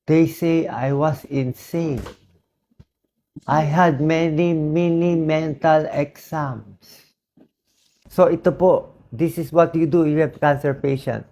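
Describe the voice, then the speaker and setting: A hoarse man with a Filipino accent, a doctor speaking earnestly in an emotional personal monologue, switching between English and Tagalog. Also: on the high side, steady tone, takes it slowly, mellow, a little hiss or hum.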